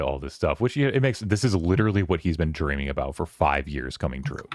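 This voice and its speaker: A man with an extremely deep, low voice chats casually on his stream, recapping a novel's scenes. He rambles with plenty of "like" and "um". The sound is close and dry. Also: animated, dry recording. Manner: rambling, filler-heavy, quoting characters in quick voices. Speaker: streamer hosting a book club.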